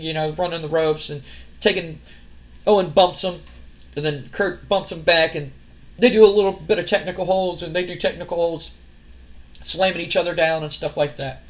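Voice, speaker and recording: A young man casually narrating a wrestling sim game, rambling and swearing as he retells the action. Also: fairly high pitch. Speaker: let's-play narrator.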